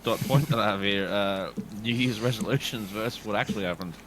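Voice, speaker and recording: A man, co-hosting a casual podcast chat, sweary and quick to laugh. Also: on the low side, background noise. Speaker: podcast co-host.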